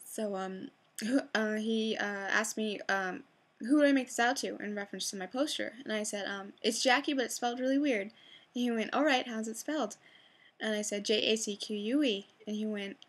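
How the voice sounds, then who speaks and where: A young woman telling a fan story in a chatty, excitable way, full of fillers and restarts. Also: a little high, normal speed. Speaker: vlogger.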